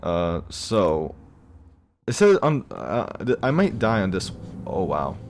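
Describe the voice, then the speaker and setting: A man's voice: low voice, wildly swooping pitch, slow, slight background noise. A young man giving casual let's-play commentary on a horror game, reacting aloud with gasps and plenty of fillers. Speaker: gaming YouTuber.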